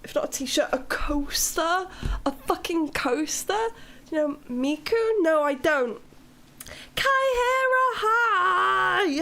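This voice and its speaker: A young Welsh woman streaming live, chatting casually with her viewers in a playful, teasing way and swearing freely. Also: high-pitched. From Wales.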